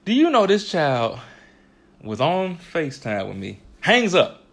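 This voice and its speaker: A man in his thirties tells stories in a casual chat, and his pitch swings widely as he talks. He laughs often as he goes, and his voice has a gravelly edge. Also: a little slow. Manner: animated, laughs often while telling stories. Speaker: podcast co-host.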